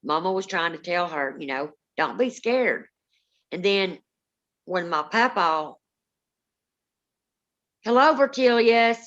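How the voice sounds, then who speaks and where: A woman's voice: on the low side, slow, long pauses, fairly bright tone, highs cut off. A woman, co-hosting a paranormal live stream, telling rambling family stories with many restarts. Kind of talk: casual live-stream storytelling.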